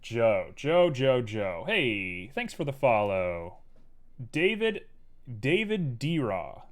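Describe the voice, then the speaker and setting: Guy streaming while he works, chatty and goofy, slow easy pace, voice swoops up and down a lot. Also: medium pitch, sing-song. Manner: playful, talks to himself and his chat. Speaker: livestreamer and 3D artist. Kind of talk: casual live-stream commentary while working.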